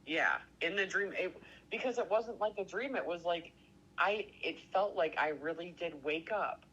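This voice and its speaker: A man telling a story in casual chat, excitable and rambling, swearing constantly and stuffing every sentence with "like". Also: high voice, moderate pace, slightly rough, dull audio. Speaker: podcast co-host.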